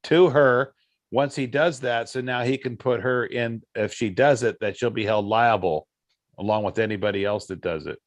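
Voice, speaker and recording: A man's voice: mid-range voice, normal speed, dry recording. A man in a casual group discussion, speaking matter-of-factly as he gives advice. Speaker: meeting participant.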